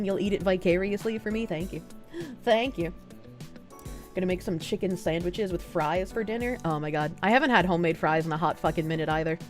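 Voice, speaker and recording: A woman livestreamer chatting casually and reading viewer messages aloud with frequent thanks, feeling sick with nausea and hiccups, often laughing. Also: medium pitch.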